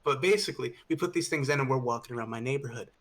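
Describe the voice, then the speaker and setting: A man's voice: mid-range voice, very fast, a bit bright. A young man co-hosts a casual podcast stream and tells a long, rambling party story. He swears freely, restarts his sentences and laughs along with his friends. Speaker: podcast co-host.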